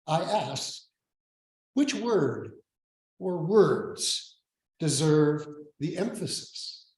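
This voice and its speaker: A priest from Oregon delivers a sermon in a fairly high voice, taking his time over each phrase. His manner is measured and reflective, with touches of gentle humor. The sound rings with the echo of a church sanctuary. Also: animated, distant mic. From Oregon, USA. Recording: echoey church room.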